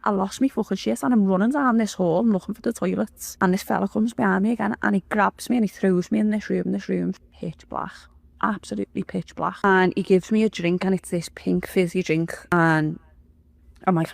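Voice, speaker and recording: A woman's voice: medium pitch, steady tone, brisk, creaky, darkish tone, no echo. Sweary woman. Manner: blunt, swears often, rambling. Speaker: interview guest. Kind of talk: dramatic personal storytelling.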